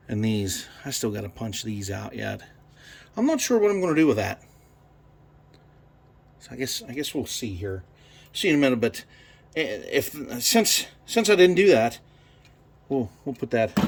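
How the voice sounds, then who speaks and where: A man's voice: fairly low pitch, vocal fry. A man in his garage talking through a carburetor rebuild, rambling and swearing freely as he works. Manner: profane, rambling, thinks aloud. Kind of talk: casual workshop how-to.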